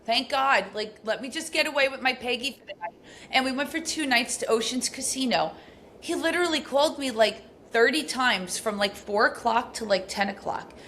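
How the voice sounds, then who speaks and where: A middle-aged woman, a podcast guest telling stories in a casual, animated way, full of fillers. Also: a little high, normal speed, slight background noise. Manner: animated, acts out quoted speech, frequent fillers. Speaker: podcast guest, abuse recovery coach. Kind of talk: casual storytelling interview.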